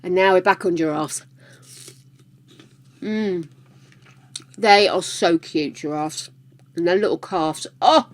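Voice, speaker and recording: A woman's voice: on the low side, takes it slowly, pauses often. A woman hosting a livestream, chatting casually with viewers, laughing often and greeting them by name. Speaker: livestream host.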